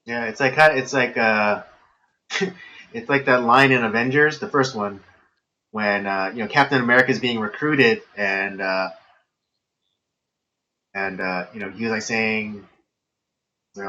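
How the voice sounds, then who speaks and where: A man co-hosting a casual film-review podcast, his voice bright and forward. He talks in halting bursts full of fillers and turns sarcastic with his co-host. The sound is muffled and lo-fi, like a live stream. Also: on the low side, steady tone, slight background noise.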